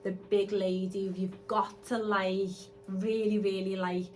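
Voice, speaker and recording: A woman, co-hosting a podcast and telling stories excitedly in casual chat. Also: medium pitch, measured pace, a little hiss or hum. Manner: excitable, animated storytelling. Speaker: podcast co-host, hair extensionist.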